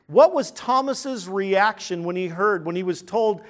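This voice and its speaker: A pastor preaches an earnest sermon, posing rhetorical questions and swinging between hushed, quiet points and loud, emphatic ones. His voice sits high and sounds animated, at a normal speed.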